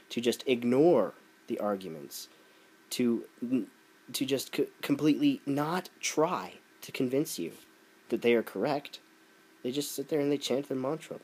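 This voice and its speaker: A man's voice: medium pitch, a little mellow. A man delivering a sarcastic, ranting opinion commentary. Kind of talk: opinion rant video.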